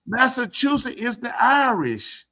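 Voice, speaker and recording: A man hosting a live talk show, telling stories in an animated, emphatic way. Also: extremely high pitch, unhurried, vocal fry. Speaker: show host.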